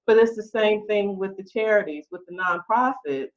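A woman's voice: medium pitch, normal speed. A middle-aged woman, a guest on a podcast interview, who talks about her work with frequent laughs and many fillers. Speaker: guest, writing consultant. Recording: dull lo-fi audio.

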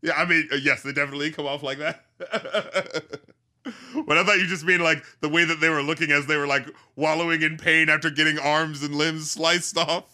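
A man's voice: fairly high pitch, little pitch movement, normal speed, bright, forceful tone. A man co-hosting a podcast, chatting casually about a film, rambling with lots of fillers and swearing. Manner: rambling, profane, many fillers. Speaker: podcast co-host.

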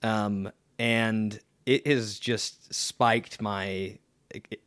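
Low-voiced young man rambling casually. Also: fairly even intonation, fairly bright tone, no room sound. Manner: rambling, halting, lots of fillers and restarts. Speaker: podcast co-host. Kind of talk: casual chat.

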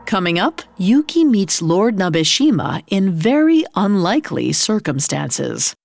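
Slow, gravelly woman narrating a tale. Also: medium pitch, sing-song, darkish tone. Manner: slow, dramatic storytelling delivery. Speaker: podcast narrator. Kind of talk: scripted storytelling narration. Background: faint music.

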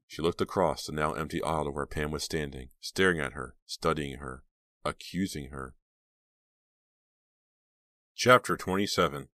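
A man narrating an audiobook in a steady, measured storytelling manner. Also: a bass voice, no room sound, clean studio sound. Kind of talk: scripted narration.

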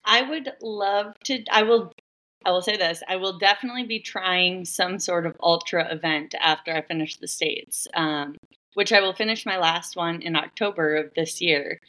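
Bright-voiced giggly woman guest. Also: lowish voice, moderate pace. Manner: giggly, chatty, uses lots of "like". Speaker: running coach, guest. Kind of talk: casual interview chat.

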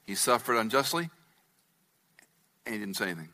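A man's voice: on the low side, big pitch swings, a little fast, sharp tone. A man preaching an expository sermon as pastor, walking the congregation through a scripture passage and checking that they follow. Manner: teaching, asks the congregation to follow along.

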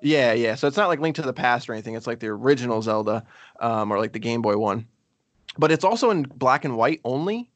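A man's voice: medium pitch, animated, a little fast, dry recording. A man co-hosting a casual game review chat, rambling with many fillers and restarts. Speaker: podcast co-host.

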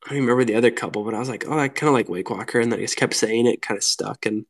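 A man from Minnesota chats as a podcast guest, telling stories with lively energy. He laughs easily and keeps dropping "like" between his phrases. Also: medium pitch, rapid-fire. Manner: animated, laughing, lots of "like" fillers. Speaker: podcast guest, lure builder. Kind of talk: casual storytelling chat.

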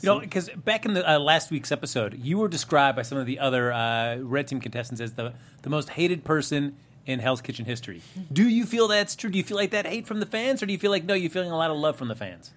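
A man's voice: a little high, expressive, fast, hardly any pauses, a bit bright. A man who is a panelist in a casual chat show, joking wryly about himself. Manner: wry, joking.

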